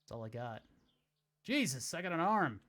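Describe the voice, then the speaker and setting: A man's voice: fairly high pitch, sing-song, normal speed, sharp tone. A man streaming a car-repair game, chatting casually and telling a long story while he works, often restarting his sentences. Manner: rambling, self-interrupting storyteller. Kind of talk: casual gameplay commentary. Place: home streaming setup. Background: game music playing faintly.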